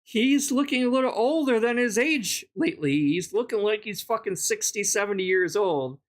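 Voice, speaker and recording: A woman giving an indignant, profane reaction commentary, her throat sore from yelling. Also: mid-range voice, lively intonation, moderate pace. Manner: profane, indignant, laughing ranting.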